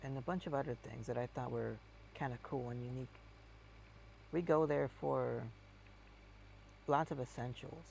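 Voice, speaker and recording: A man with a gravelly, fry-heavy voice chats casually as he plays. He rambles and hesitates, reaching for words, over a faint engine hum. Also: mid-range voice, fairly even intonation, normal speed, pauses often, a little mellow, highs cut off. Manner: rambling and hesitant, with many fillers. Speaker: game streamer. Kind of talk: casual chat while playing a game.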